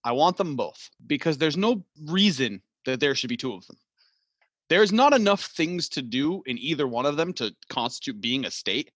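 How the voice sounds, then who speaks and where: A man's voice: a little high, very animated, moderate pace, fairly bright tone, slightly rough, no echo. A man co-hosting a podcast, complaining sarcastically and with exasperation in casual banter. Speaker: podcast co-host.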